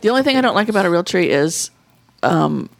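A woman co-host with a gravelly, creaky edge, chatting casually. She jumps in fast with teasing questions and short reactions. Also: on the low side, very animated. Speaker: podcast co-host. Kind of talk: casual chat.

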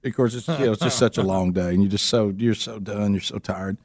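A man with a fairly low, darkish voice and brisk delivery hosts a radio show, telling a story in a playful, teasing way and acting out the quotes in casual on-air storytelling chat. The recording has no room sound.

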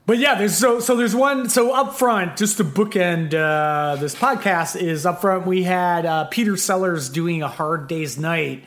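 A man's voice: high voice, a little slow, hardly any pauses, a bit bright. Rambling podcast host man. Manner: rambling, many fillers, laughs easily. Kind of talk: casual chat.

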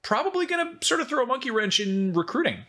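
A man's voice: very high-pitched, big pitch swings, quick pace, a bit bright. A man hosting a casual podcast chat, rambling and jokey as he talks. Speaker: substitute podcast host.

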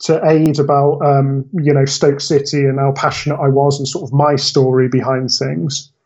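A man's voice: mid-range voice, flat delivery, moderate pace, a little mellow, muffled recording. A man guesting on a podcast, telling a long story in a chatty, rambling way and correcting himself often. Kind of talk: casual storytelling chat.

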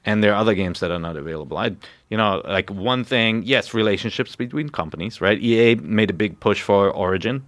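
Low-voiced German-born podcast host, dry sound. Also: male voice, brisk, hardly any pauses, a bit bright, no room sound. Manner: loose, explanatory, frequent "right?" asides. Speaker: podcast host reading listener questions. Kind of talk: casual chat.

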